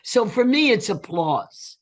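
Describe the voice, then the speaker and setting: An older woman, a guest actress, chatting in an interview with a husky voice, acting out the voices of people in her stories. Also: on the high side, takes it slowly. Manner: animated storyteller who acts out quoted voices. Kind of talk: casual interview chat.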